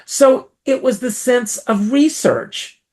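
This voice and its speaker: A man from South Carolina, a performer, telling his story as a guest in an interview, with lively theatrical emphasis. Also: very high-pitched, takes it slowly.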